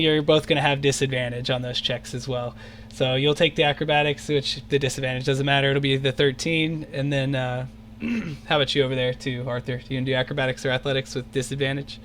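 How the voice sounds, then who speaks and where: A man narrates an online tabletop session as the dungeon master. His voice sits a bit high and has a bright, forceful edge. He rambles through the scene with plenty of fillers. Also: a little hiss or hum. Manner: rambling, filler-heavy, quick to shout out character lines. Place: home, on an online voice call.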